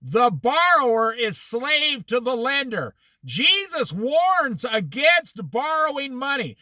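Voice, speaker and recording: A man leads a casual Bible study in an animated, folksy way, laughing at his own anecdotes. His voice is high and bright with a lively swing, and he talks slowly in a dry, close sound. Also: no room sound.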